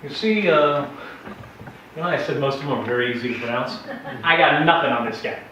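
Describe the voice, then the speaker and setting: Teaching Bible history to a live classroom audience, a man speaks expressively and fairly quickly in a medium-pitched, bright, forceful voice. He is casual and chatty, wandering into joking asides while the class asks questions. The recording is echoey, distant, and dull, with a little hiss or hum.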